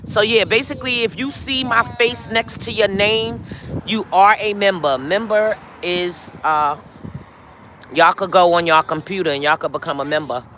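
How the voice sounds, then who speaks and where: A woman's voice: mid-range voice, normal speed, fairly bright tone, slight background noise. A middle-aged woman hosting a casual live stream outdoors, chatting straight to her viewers. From New York. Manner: chatty, talks straight to viewers with lots of y'all. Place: outdoors on a city street.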